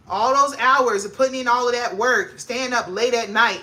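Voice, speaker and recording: Bright-voiced young woman, excitable and slangy. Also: moderate pace, a little hiss or hum. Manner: excitable, slangy, grows loud and high when hyped. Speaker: vlogger. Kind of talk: casual chat to camera.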